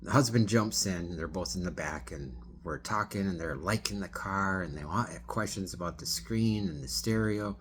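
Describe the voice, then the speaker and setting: A man who drives for a ride app telling a story in a rambling, casual way, often clearing his throat. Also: low voice, moderate pace, hardly any pauses, fairly bright tone, a little hiss or hum. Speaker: rideshare driver.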